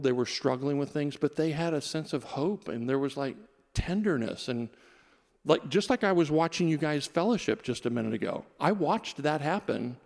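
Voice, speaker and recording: A man's voice: medium pitch, a little mellow. Man preaching in a reverberant church hall. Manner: storytelling, self-deprecating and conversational. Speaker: pastor. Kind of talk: sermon.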